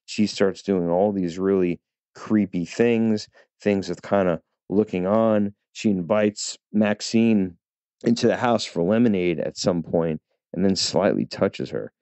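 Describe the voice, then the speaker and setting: Low, mellow-voiced man reviewing a film. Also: a little slow, no echo. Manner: chatty, with fillers and restarts. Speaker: movie reviewer. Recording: dull, lo-fi dry recording.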